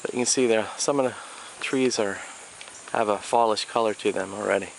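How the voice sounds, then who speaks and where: A man narrating his hike through a flooded riverside preserve in an unhurried, plainspoken way. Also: fairly low pitch, steady tone, creaky, slight background noise, poor audio. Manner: unhurried, plainspoken, grumbles about litter. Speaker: hiking vlogger. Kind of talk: casual outdoor narration. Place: outdoors by a river in a nature preserve. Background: insects and crickets, rural ambience.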